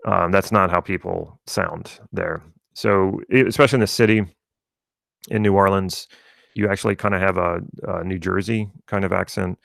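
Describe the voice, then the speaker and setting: A man's voice: deep voice, steady tone, normal speed, vocal fry, fairly bright tone, no room sound, studio quality. A man from South Louisiana with a mostly neutral American accent, rambling conversationally as a coach on a live stream, with many restarts. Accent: General American, from South Louisiana. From rural South Louisiana, USA. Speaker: NLP coach.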